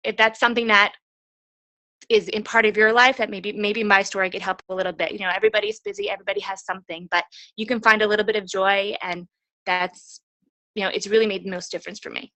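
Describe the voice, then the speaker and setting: A woman's voice: medium pitch, pushed and bright, no room sound, rough recording. Earnest woman telling her story. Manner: earnest, halting, many restarts. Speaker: team coach sharing her story. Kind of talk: personal testimonial on a group call.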